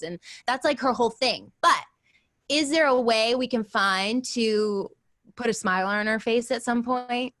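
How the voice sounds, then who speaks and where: A woman's voice: on the high side, measured pace. Chatty woman coaching actors. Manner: chatty, animated, acts out quoted lines. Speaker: acting coach. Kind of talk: teaching an acting class.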